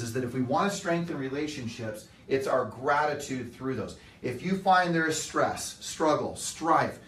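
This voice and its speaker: A man's voice: on the high side, fairly bright tone, a little hiss or hum. A middle-aged man giving a motivational talk to a live audience in an earnest, emphatic way, acting out the voices he quotes. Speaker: motivational speaker. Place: meeting room with live audience. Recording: echoey room, mic at a distance.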